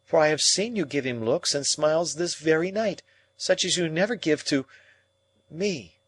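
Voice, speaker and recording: A man's voice: on the high side, moderate pace, fairly bright tone, breathy edge, no echo, voice pushed up. A male audiobook reader playing an anxious young man who pleads insistently, his voice raised and emphatic, in a dry recording.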